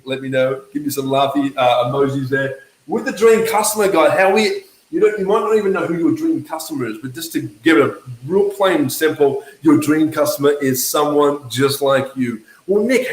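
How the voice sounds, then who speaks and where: A man coaching network marketers in a motivational talk to camera, emphatic and lively, always checking in with his listeners. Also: a little high, echoey room, poor audio. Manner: emphatic, keeps checking in with "okay?" and "right?"; lively, acts out quoted voices.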